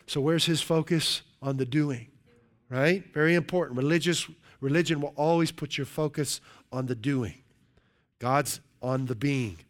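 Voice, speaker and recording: A man's voice: on the high side, moderate pace. A male pastor preaching a sermon, stressing and stretching key words and often checking in with "right?".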